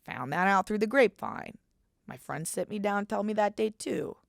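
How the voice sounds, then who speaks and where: A woman's voice: mid-range voice, lively intonation, normal speed, gravelly, dry recording, clean studio sound. A young woman in her twenties hosting a podcast, rambling in casual chat, self-deprecating and swearing freely. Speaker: podcast host.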